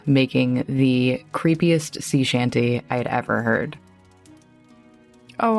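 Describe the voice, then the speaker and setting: A woman's voice: a bass voice, darkish tone. A woman running a tabletop game as game master, chatty and descriptive.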